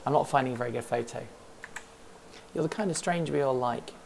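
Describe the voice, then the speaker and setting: A woman's voice: extremely low pitch, fast, gravelly, a little mellow, slight background noise. A woman hosting a casual livestream from an office, rambling, thinking aloud and answering chat questions as she goes. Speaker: host of a livestream hangout. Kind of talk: casual live-stream chat.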